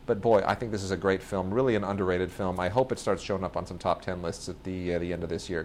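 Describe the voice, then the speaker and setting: A man's voice: sits low, slight background noise. A man hosting a podcast, chatting casually and enthusiastically about films, often restarting his sentences. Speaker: podcast host reviewing films. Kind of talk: casual film review chat.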